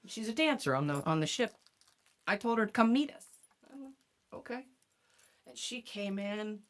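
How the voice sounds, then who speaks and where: A woman's voice: medium pitch, sing-song, normal speed. A woman hosting a podcast, telling a profane story in casual chat and laughing often. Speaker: podcast host.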